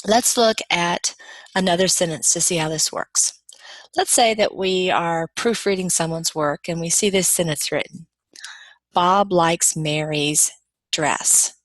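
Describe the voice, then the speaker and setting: Patient woman lecturer, low voice, dry sound. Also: moderate pace, no room sound. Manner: patient, explanatory, with small restarts. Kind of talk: recorded grammar lecture.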